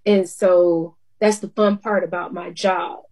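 A woman's voice: lowish voice, steady tone, a little slow, darkish tone, slightly rough. A woman, a TV news anchor, chatting in an interview in a down-to-earth way and laughing often. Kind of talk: casual interview chat.

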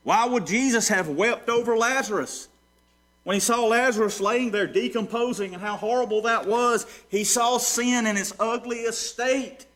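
A man preaching a sermon, moving from hushed storytelling to ringing rhetorical questions that he answers himself. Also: very high voice, normal speed. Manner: preaching with sweeping swings between soft and loud. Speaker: pastor.

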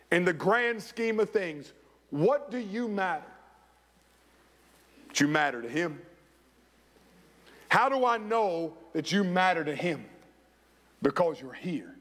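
High-voiced preacher in a reverberant church. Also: male voice, fairly bright tone. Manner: preaching with dramatic pauses and emphasis. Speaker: pastor. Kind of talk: sermon. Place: church sanctuary.

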